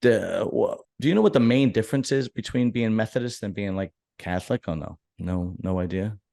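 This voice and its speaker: Man, podcast host, casual chat, ribbing, sudden loud bursts, low voice. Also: fairly quick, vocal fry. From Italian-American family. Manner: teasing, loud swings between mumbles and outbursts.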